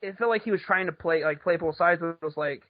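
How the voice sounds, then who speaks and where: A man's voice: a little high, quick pace, no echo. A man chatting casually on a podcast, rambling and swearing, with frequent laughs. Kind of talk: casual chat. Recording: dull lo-fi podcast audio.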